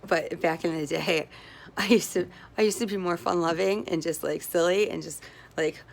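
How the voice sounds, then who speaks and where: Woman, lower register, some vocal fry, chatty rambling delivery that loops back on itself. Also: steady tone, moderate pace, slight background noise. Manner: meandering, self-interrupting, often tags with "right?"; laughs easily between thoughts. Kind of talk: casual rambling monologue.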